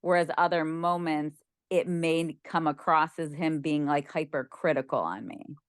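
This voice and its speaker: A woman's voice: low voice, measured pace, smooth, dry recording. Young woman, casual video-call chatter, dry close sound. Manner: chatty, many "like" fillers, laughs easily. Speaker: group member sharing. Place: lying on a bed at home.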